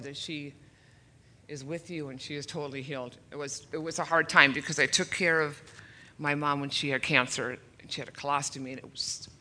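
Bright, earnest woman in her fifties. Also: deep voice, a little hiss or hum. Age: 50s. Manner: earnest and emotional, with self-deprecating humor. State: nervous. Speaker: church testimony speaker. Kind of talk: personal testimony. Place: church service.

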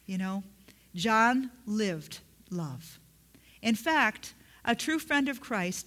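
Woman preaching, dropping into whispers. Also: a little high. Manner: drops into soft whispers for emphasis; storytelling, with self-corrections and restarts. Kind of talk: sermon.

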